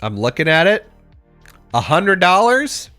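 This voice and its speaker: Animated man riffing on a podcast. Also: fairly high pitch, moderate pace, no echo, soft background music. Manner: jokey, riffs with silly voices and sound effects. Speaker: podcast co-host. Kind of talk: casual chat.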